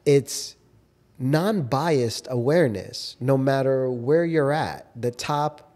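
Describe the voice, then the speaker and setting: A man's voice: mid-range voice, takes it slowly, darkish tone. Man, podcast co-host, earnest, explanatory, coaching tone, casual reflective talk.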